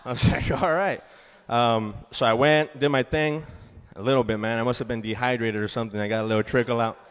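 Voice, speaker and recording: A man's voice: medium pitch, steady tone, fast talker, smooth. A man doing a stand-up comedy set, telling a story in a laid-back way with lots of ums. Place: comedy club stage. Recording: reverberant club room.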